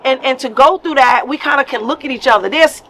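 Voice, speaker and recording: A woman's voice: sits high, fast talker, low-quality recording. A middle-aged woman comedian with a New York accent, telling stories animatedly on a casual podcast. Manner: animated storytelling, acts out quoted voices. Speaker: comedian guest.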